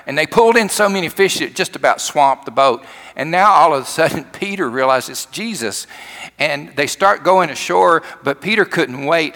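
A man preaching a sermon in a church, telling stories in a folksy way that swings from loud to hushed. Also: mid-range voice, big-room sound. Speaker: pastor.

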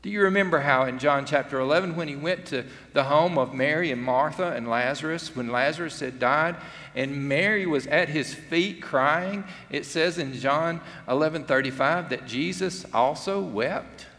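A man's voice: a little high, normal speed, a bit bright. A middle-aged man, preaching an earnest, conversational sermon and acting out quotes. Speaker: pastor. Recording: long hall reverb.

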